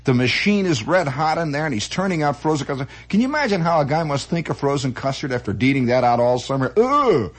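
A man telling comic stories in a rambling, animated way, full of restarts and acted-out voices. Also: mid-range voice, fast talker, hardly any pauses. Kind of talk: comic storytelling monologue.

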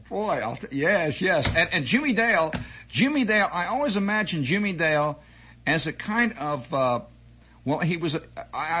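Husky man telling a rambling story. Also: medium pitch. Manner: digressive, animated, many restarts and asides. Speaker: radio host.

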